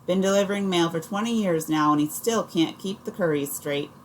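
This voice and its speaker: Woman voicing a drawling older man, wry, low, audiobook. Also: fairly quick, a little hiss or hum, natural voice.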